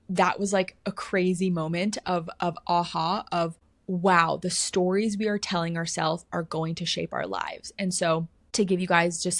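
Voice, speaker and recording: Thirty-year-old woman, podcast guest; candid, chatty storyteller with a low pitch and a dry, close sound. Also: dry recording. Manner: candid, heavy use of "like", swears freely. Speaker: podcast guest, inner work coach. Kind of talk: casual personal storytelling.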